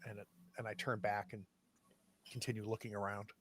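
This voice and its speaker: A man's voice: fairly low pitch, level tone, brisk, fairly bright tone, slight background noise. A man playing in a tabletop game, casually and hesitantly describing what his character does. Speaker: player.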